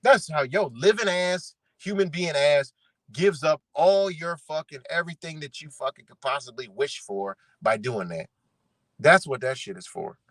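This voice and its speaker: A man's voice: a little high, normal speed, no room sound, rough recording. Profane ranting man, dry close sound. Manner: profane, animated, frequent rhetorical "right?". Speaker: commentary streamer. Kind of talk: ranting commentary.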